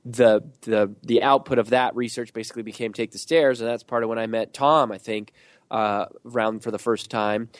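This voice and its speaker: Man, podcast guest, animated storyteller, mid-pitched voice, dry close mic. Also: no echo. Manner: animated storyteller, lists in quick rhythmic pairs. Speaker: podcast guest, author and speaker. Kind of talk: storytelling interview answers.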